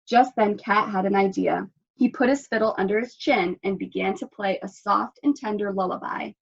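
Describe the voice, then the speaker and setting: A woman librarian reading a picture book aloud at children's story time, expressive and asking the children questions, in a dull lo-fi recording. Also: mid-range voice, moderate pace, gravelly.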